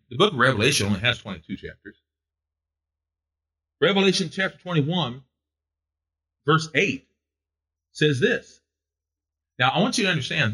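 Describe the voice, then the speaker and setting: A man preaching a fervent sermon, repeating his phrases for emphasis and building to loud exhortation. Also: mid-range voice, breathy edge.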